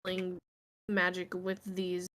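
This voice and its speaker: A woman's voice: lowish voice, completely flat delivery, slow, a bit bright. A woman player on a voice call, thinking aloud in a rambling, joking way. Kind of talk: casual tabletop chat. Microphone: home mic on a video call.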